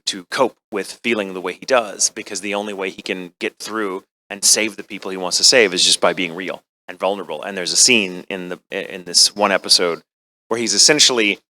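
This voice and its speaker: A man's voice: low-pitched, pushed and bright. A man who works as a voice actor and scriptwriter, answering a question at a convention panel in an earnest, emotionally open storytelling way.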